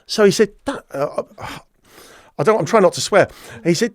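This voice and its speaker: A man's voice: high voice, normal speed, no room sound, clean studio sound. A man, a podcast guest telling a story and acting out the dialogue. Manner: animated, acts out quoted dialogue. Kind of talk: storytelling interview.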